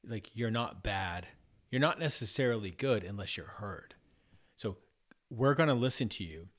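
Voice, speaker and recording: A man's voice: on the low side, lively intonation, normal speed. A man talking in a casual podcast conversation, reflective, often restarting and repeating words as he works through ideas. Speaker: podcast guest.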